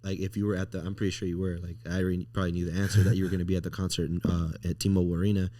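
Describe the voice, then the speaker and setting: A young man hosting a casual podcast, telling excited stories full of slang and "bro". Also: low voice, rapid-fire. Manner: excitable storyteller, slangy, says bro a lot. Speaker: podcast host.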